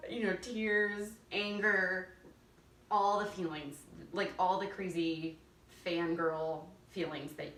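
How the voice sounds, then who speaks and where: A woman's voice: on the low side, fairly even intonation, slow, a bit bright, slight background noise. A woman theater teacher giving casual, enthusiastic stage directions, laughing often. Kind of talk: casual instructional talk. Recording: roomy echo, distant from mic.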